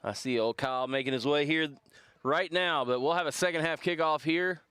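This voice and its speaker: Man, fill-in soccer commentator, smooth clear voice, steady, lifts on shots. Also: a little high, fairly quick, dry recording. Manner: steady, lifts on big plays. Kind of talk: play-by-play commentary. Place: press box at outdoor field.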